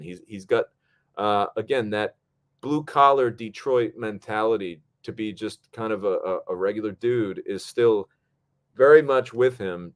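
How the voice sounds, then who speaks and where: A man hosting a podcast, telling a story in casual chat, animated and profane, acting out what people said. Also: lowish voice. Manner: animated, acts out quotes, swears freely. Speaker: podcast host.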